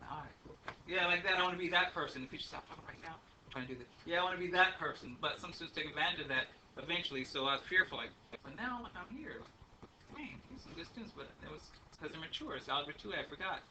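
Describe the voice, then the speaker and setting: A man's voice: fairly high pitch, sharp tone. A man teaching a math class, lecturing in a chatty, rambling way with many ums and uhs. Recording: faint room noise, speaker a bit far from the mic.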